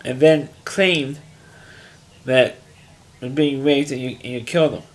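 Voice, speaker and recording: A man loosely walks through the plot of a crime drama episode as a casual recap monologue, circling back and restarting sentences with lots of fillers. His middle-pitched voice has fairly even intonation and an unhurried pace. The delivery is plain-spoken, unpolished, and conversational.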